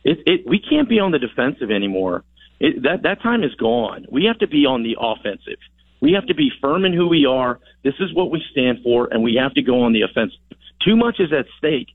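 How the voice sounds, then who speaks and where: A man's voice: mid-range voice, very animated, fairly quick, no echo. A man calling in as a congressman for a radio interview, talking in an emphatic, rallying way and repeating words for stress. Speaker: congressman as phone-in guest. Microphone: telephone. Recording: dry tinny phone line.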